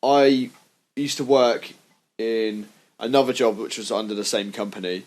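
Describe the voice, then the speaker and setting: A man's voice: lowish voice, fairly even intonation, a little slow, darkish tone. A young man co-hosting a podcast, telling stories in a casual chat, swearing freely and sounding indignant. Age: young adult. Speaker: podcast co-host.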